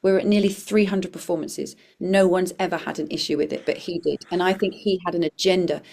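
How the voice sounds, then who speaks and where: Brief: low-pitched woman performer, reflective guest storyteller. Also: fairly even intonation, a little fast, gravelly, darkish tone. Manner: earnest, reflective, with frequent restarts. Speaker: comedian and performer, podcast guest. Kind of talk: conversational storytelling.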